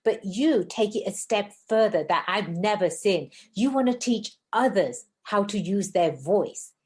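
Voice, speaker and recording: A woman hosting a podcast interview, talking fast and effusively in a casual chat. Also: medium pitch, expressive, darkish tone. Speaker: podcast host.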